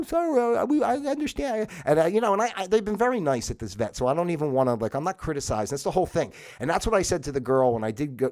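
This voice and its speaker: A man with a slightly high-pitched voice talks off the cuff on a livestream. He rambles and circles back with plenty of fillers, then gets heated and laughs at the absurdity. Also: a little mellow. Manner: rambling and conversational, getting worked up and exasperated; laughs between points, frequent fillers. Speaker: livestream host. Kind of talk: casual monologue. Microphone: livestream microphone.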